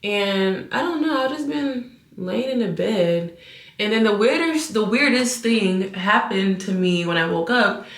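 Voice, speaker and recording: A woman's voice: mid-range voice, expressive, a little slow. A young woman vlogger chatting casually to camera from her bedroom, exasperated and ranting to her viewers. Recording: roomy echo.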